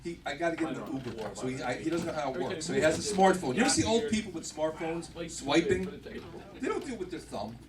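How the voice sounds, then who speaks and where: Middle-aged male stand-up host with a high voice, loose rambling delivery, heard from a distance over a loud laughing crowd. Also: big pitch swings, fast talker. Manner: rambling, self-interrupting punchlines. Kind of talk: stand-up comedy. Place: comedy club stage. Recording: distant mic, loud live audience. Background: audience laughter.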